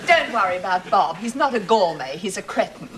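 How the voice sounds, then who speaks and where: A woman's voice: mid-range voice, lively intonation, brisk, lightly acted. An actress playing a scornful wife who cuts her husband down with sarcastic remarks in a sitcom. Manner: cutting, sarcastic put-downs. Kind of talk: sitcom acting. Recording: hiss on old TV audio.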